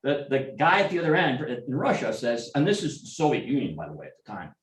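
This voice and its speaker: Quick-paced and wildly swooping in pitch around a medium center, a middle-aged man's voice carries rambling stories at a casual club gathering. He keeps restarting and wandering into asides, recorded far from the mic in an echoey meeting room.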